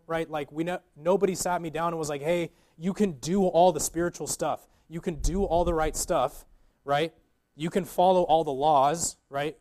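A man's voice: a little high, a little mellow. A young man giving an earnest, informal sermon as a guest preacher, with many fillers and restarts.

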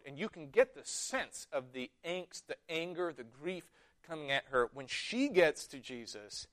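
Animated male preacher telling a story. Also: fairly high pitch, no echo. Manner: animated storytelling, acting out quotes with big swings from loud to hushed. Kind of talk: sermon.

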